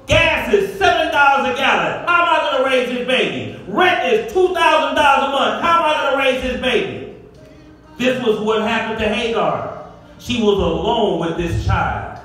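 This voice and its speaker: Male pastor, middle-aged, very high voice, call-and-response sermon, distant mic in a roomy hall. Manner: preaching with call-and-response, rising to shouts. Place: church sanctuary. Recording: echoey hall, far from the mic.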